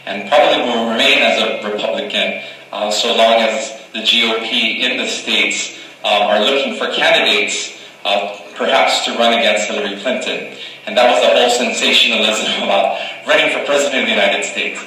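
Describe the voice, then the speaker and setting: A man's voice: on the low side, steady tone, moderate pace, pushed and bright. A man from Guam giving an earnest, oratorical campaign speech at a forum in a hall, heard from far off. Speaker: political candidate. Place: hall at a community college forum.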